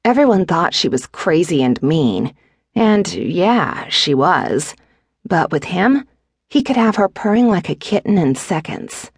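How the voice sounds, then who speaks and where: A woman narrating an audiobook in a measured, even reading. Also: on the low side, slightly rough, no echo, clean studio sound. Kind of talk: scripted narration.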